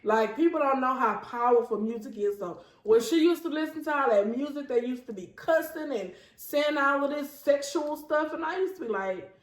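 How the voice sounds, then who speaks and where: A woman's voice: high-pitched, normal speed, few pauses, roomy sound, low-quality recording. A woman, hosting a casual faith talk show and speaking heartfelt and chatty to her viewers. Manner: chatty and heartfelt, often addressing viewers as y'all. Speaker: host.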